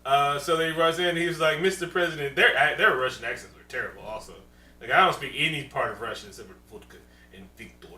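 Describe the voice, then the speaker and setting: Animated, profane man in a roomy room. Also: medium pitch, quick pace. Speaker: podcast co-host. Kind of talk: casual chat. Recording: roomy, distant mic, faint hum.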